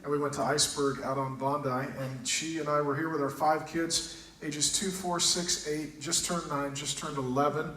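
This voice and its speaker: Joking pastor in roomy hall. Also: male voice, fairly high pitch, normal speed. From United States. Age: 30s. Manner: joking, animated storytelling. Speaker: pastor, guest speaker. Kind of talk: on-stage interview. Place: large auditorium. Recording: roomy hall, picked up from far off, audible noise.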